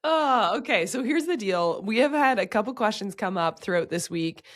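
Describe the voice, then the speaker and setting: A woman in her thirties hosting a podcast, hoarse and raspy from a cold, talking in an animated, chatty way. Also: medium pitch, normal speed. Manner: animated, laughs easily, acts out quotes. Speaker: podcast host. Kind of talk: casual podcast chat.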